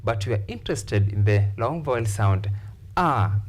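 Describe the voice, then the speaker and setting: A man teaching a pronunciation lesson, repeating each word slowly and deliberately for emphasis. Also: lowish voice, lively intonation, a little mellow, slight background noise. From Kenya.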